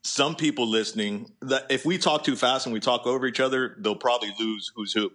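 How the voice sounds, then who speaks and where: A man from Philadelphia with a slight Philly accent, co-hosting a casual podcast, chatty and joking, quick to jump into the conversation. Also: medium pitch, a bit bright. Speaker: podcast co-host.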